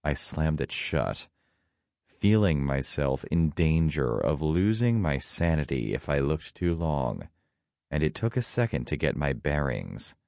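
Very deep-voiced male narrator, dry room. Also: big pitch swings, measured pace, gravelly, a little mellow, dry recording. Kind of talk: first-person audiobook narration.

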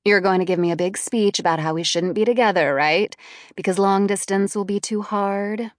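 A woman voicing a confident, pushy teenage girl who talks in a brisk, insistent way. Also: mid-range voice, no room sound, clean studio sound, lightly acted. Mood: accusing.

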